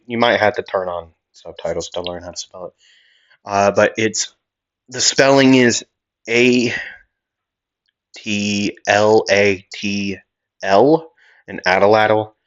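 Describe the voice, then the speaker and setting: Rambling man, slow and low. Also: dull audio. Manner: rambling, many fillers and self-corrections. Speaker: fan fiction narrator. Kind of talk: casual story reading and chat.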